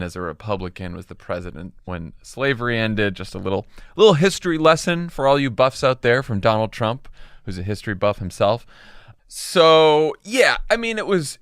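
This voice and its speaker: A man's voice: on the low side, clear, resonant tone, no echo, studio quality. A man co-hosting a casual political podcast, sardonic and often laughing. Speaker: co-host.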